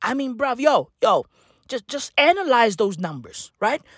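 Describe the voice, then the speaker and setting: A woman's voice: on the high side, sing-song, unhurried, no room sound, clean studio sound. A woman giving a mocking, profane sports rant, laughing often and repeating herself in exasperation. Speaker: sports commentator.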